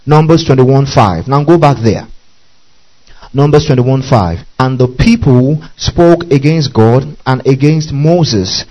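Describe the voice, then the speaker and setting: A man teaching a Bible passage verse by verse, often pausing to ask his listeners if they follow. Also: medium pitch, dark tone, poor audio. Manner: checks in often with "okay?" and "you see that?".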